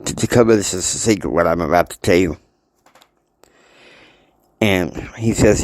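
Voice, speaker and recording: A man casually retelling a family drama story in a rambling, halting way with many fillers. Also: deep voice, dry recording.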